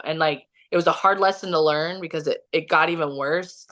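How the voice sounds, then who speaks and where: A woman's voice: low-pitched, brisk, hardly any pauses, a bit bright. Rambling woman telling a story. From Kansas City, Missouri. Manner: rambling, filler-heavy, acts out quoted dialogue. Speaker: podcast guest. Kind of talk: casual storytelling.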